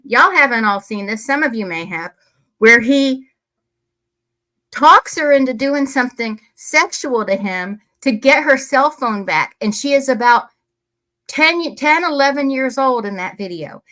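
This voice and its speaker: A woman's voice: a little high, lively intonation, a little slow, bright, forceful tone. A woman giving casual, blunt commentary, swearing and getting heated as she reads emails to viewers at a close desk microphone. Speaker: true crime commentator.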